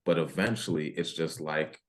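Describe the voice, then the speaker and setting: A man's voice: extremely low pitch, fairly even intonation, normal speed, a bit bright, a little hiss or hum. A man talking through ideas in a casual podcast discussion, thoughtful and full of restarts. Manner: thoughtful, restarts often, rising when emphatic.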